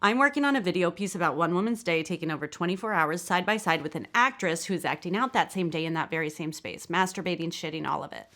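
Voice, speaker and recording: A woman's voice: fairly low pitch, fast talker, hardly any pauses, bright, forceful tone. A woman reading the lines of a pretentious artist who lectures the table about her work. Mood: pompous.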